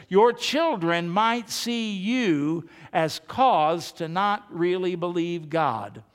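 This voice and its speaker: Male pastor, emphatic sermon, repeats key phrases, high voice, long hall reverb.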